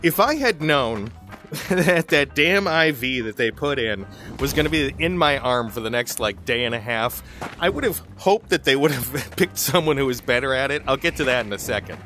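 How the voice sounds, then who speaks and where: A man's voice: medium pitch, expressive, normal speed, bright, forceful tone, faint music behind. A man telling a long personal story in a casual, chatty way while playing a game, laughing often and restarting his sentences. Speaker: gaming video host. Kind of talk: casual storytelling over gameplay.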